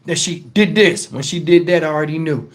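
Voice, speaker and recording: A man's voice: fairly high pitch, fairly quick. A middle-aged man, telling a rambling story as host of his own channel. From Texas, USA. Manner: animated, profane, rambling with many asides. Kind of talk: casual storytelling to camera.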